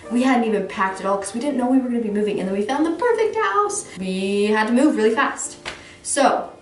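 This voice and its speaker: A woman's voice: on the high side, animated, a little fast. A young woman giving advice in a chatty, rambling, self-deprecating vlog. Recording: roomy room, distant mic, faint music.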